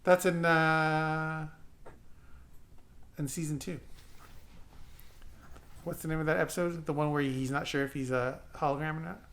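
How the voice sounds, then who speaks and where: A man co-hosting a casual podcast chat, halting and repeating words as he recalls details. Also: on the high side, fairly even intonation, fairly bright tone. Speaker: podcast co-host.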